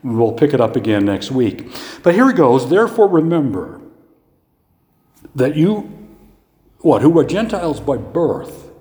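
A man's voice: fairly high pitch, sing-song, measured pace, pauses often, warm tone. A man preaching a sermon as pastor, in a conversational style, asking rhetorical questions and answering them himself. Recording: echoey hall with long reverb.

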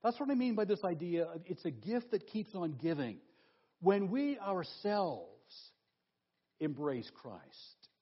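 A pastor with a husky, higher-pitched male voice preaches a sermon emphatically, posing rhetorical questions and slowing on key phrases. The sound is lo-fi.

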